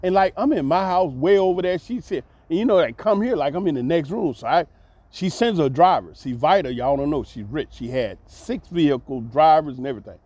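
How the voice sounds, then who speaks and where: A man telling a long personal story as a vlogger, animated and acting out the voices of the people in it. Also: fairly high pitch, brisk, no echo. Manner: animated, acts out voices, laughs mid-story. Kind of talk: storytelling monologue. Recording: dull lo-fi recording.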